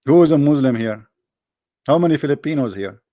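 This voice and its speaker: A middle-aged man hosting a livestream, joking sarcastically and reading the chat aloud, in halting non-native English. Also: mid-range voice, animated, mellow, dry recording. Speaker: livestream host. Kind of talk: casual live-chat banter.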